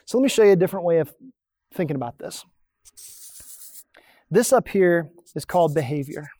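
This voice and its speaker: A pastor talks a congregation through a diagram in a relaxed, conversational sermon. The voice sits in a middle register and is recorded dry and close, with no room echo. Questions are posed and then answered in a plain teaching manner. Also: mid-range voice, fairly quick. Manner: explains points on a drawn diagram, asks rhetorical questions.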